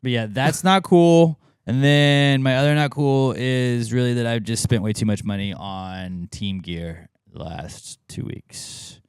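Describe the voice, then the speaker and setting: A man's voice: mid-range voice, fairly even intonation, a little slow, few pauses, clear, resonant tone, no room sound, clean studio sound. A man in his thirties co-hosting a podcast, talking in a casual, profane, sarcastic ranting way. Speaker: podcast co-host. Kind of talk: casual chat.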